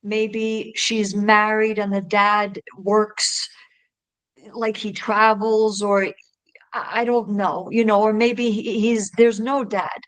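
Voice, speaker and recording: A woman's voice: mid-range voice, flat delivery, slow, fairly bright tone, rough recording. A woman speaking as a podcast guest, talking earnestly and emotionally in a rambling way with many restarts. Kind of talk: casual interview talk.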